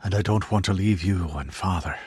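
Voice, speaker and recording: A man voicing an earnest young man, a reluctant hero who speaks quietly and bluntly, in an audiobook. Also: low voice, fairly quick, slightly rough, no echo, clean studio sound.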